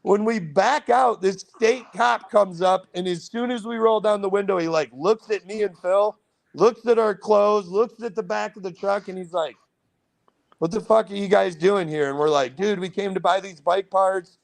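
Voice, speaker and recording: A young man casually telling a long, profane story as a podcast guest, rambling and animated. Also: high-pitched, moderate pace, vocal fry.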